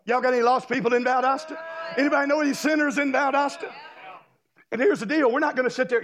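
A man from Florida, a guest pastor, preaching a fiery revival sermon in a church, shouting and folksy. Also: very high-pitched, fast talker, vocal fry. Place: church sanctuary.

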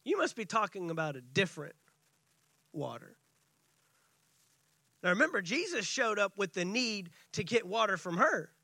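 A man delivers a sermon in a high, bright voice with a sharp edge. He swings between excited bursts and hushed, slowed-down lines, and he acts out the scripture dialogue. The sound is dry and close. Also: no echo. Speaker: pastor.

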